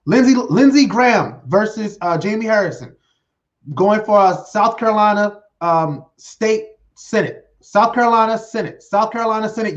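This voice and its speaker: A high-pitched man hosts his own livestream show, rambling with excitement and tripping over fillers and restarts. The sound is dull and lo-fi, from a computer webcam mic at a home desk. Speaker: host. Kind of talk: solo livestream talk show. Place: home desk setup with green screen.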